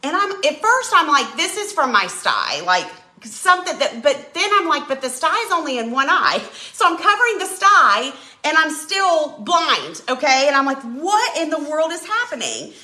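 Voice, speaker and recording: A woman hosting a live craft stream, her voice bright and a little high as she tells stories with dramatic flair. Her pitch swoops up and down freely, and her voice rings around an echoey room. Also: normal speed, hardly any pauses. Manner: animated, dramatic storyteller. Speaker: craft channel host. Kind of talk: casual live-stream chat while painting.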